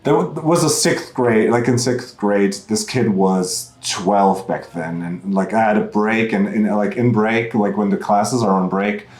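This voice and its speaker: A man's voice: on the low side, a little slow, hardly any pauses, reverberant, poor audio. A German man, a musician and podcast guest, telling stories candidly in casual talk with lots of fillers. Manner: candid, animated storytelling with many fillers. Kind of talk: casual conversation. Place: in person at a music festival.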